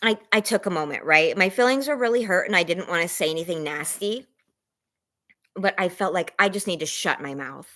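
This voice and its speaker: A woman's voice: on the low side, expressive, a little fast, a bit bright. Rambling self-conscious woman vlogger. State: close to tears. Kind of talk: casual chat to viewers.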